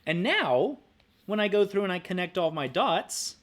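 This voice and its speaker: A young male math teacher walks through a screen-recorded lesson with a playful, upbeat manner. His voice sits a little high and moves animatedly, jumping around as he explains and hums to himself. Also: very animated, moderate pace. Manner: upbeat, playful, hums and says "boop" while working.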